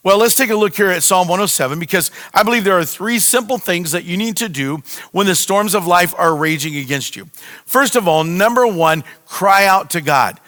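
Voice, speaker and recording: A man's voice: high-pitched, expressive, brisk, fairly bright tone. A man pastor preaching a sermon with impassioned, repetitive cries to his listeners. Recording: long hall reverb.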